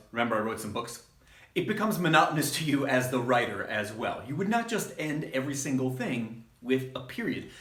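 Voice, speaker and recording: A man, a wrestling trainer, giving a measured, emphatic instructional talk. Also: a little high, fairly bright tone. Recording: roomy echo.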